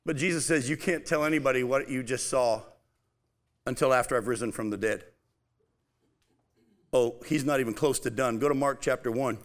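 A man preaching a casual, animated sermon, reading scripture aloud and talking it through with his listeners. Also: mid-range voice, moderate pace, pauses often. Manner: animated, conversational, reads scripture aloud with emphasis. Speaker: pastor.

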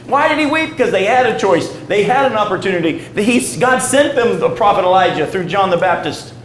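A man preaching a sermon and reading scripture aloud, swinging between loud emphatic peaks and low, quiet stresses. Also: lively intonation, brisk, reverberant, slight background noise, low-quality recording. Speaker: pastor.

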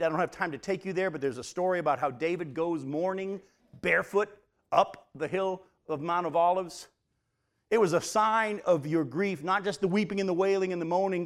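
A man preaching a Bible study sermon, talking conversationally and asking his listeners questions as he reads scripture aloud. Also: high voice. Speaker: pastor. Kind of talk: teaching sermon.

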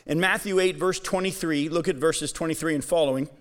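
A pastor delivers a Bible-teaching sermon, addressing his congregation directly and reading scripture aloud with slow emphasis. His voice is fairly high-pitched.

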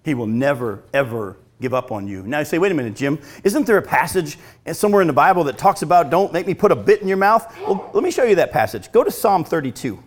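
A male pastor preaching a sermon, swinging from loud emphatic lines to hushed, slow, drawn-out phrases. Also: on the high side, lively intonation.

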